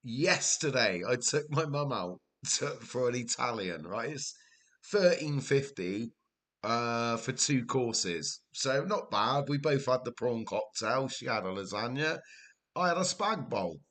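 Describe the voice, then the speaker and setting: Slow-talking Welsh man chatting on stream. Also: mid-range voice, animated, a bit bright. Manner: chatty, laughs often, tells rambling family anecdotes. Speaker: livestream host. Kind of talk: casual livestream chat.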